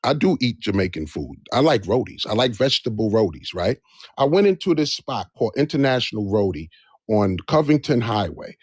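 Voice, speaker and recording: A man's voice: lowish voice, very animated, brisk, a little mellow, breathy edge, dry recording. A man speaking in an impassioned live discussion, emphatic and repeating phrases for stress. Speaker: livestream debate participant. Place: Georgia area, on a live stream.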